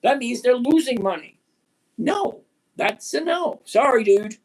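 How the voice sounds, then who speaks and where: A man in his sixties hosting a live stock-trading chat, blunt and emphatic, repeating key points slowly. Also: very high voice, expressive, darkish tone. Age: 60s. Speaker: livestream host.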